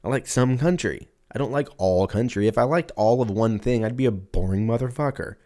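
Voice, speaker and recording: This man hosts a podcast with a brisk delivery, a medium-pitched voice and a dark tone. He rambles through a profane story in a laid-back way, acting out the voices of others.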